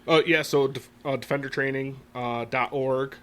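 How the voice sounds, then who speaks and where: A man's voice: mid-range voice, fairly even intonation, normal speed, fairly bright tone, slight background noise. A man from New York, a podcast guest who runs firearms classes, chatting casually in a friendly, rambling way.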